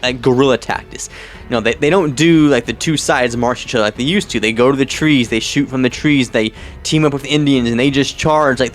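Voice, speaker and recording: A young man talks through a film he just watched in a loose, rambling way, packing his sentences with "like" and "you know" and often starting them over. His voice sits at an ordinary middle pitch. Faint music plays underneath. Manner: rambling, heavy on "like" and "you know", many restarts. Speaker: vlogger. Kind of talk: casual movie commentary vlog.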